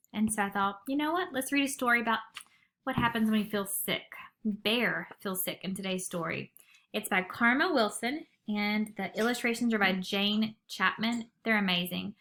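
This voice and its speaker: A woman school librarian reading a picture book aloud to young children at home, in an animated, expressive storytelling voice. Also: mid-range voice, a little hiss or hum.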